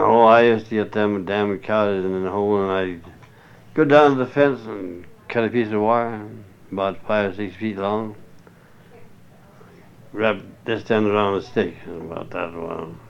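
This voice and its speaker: A low-pitched older man spins a rambling, salty yarn with folksy chuckles. His voice sounds smooth and resonant, though the recording is muffled and lo-fi. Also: a little slow. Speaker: interviewee. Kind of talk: rambling oral-history storytelling.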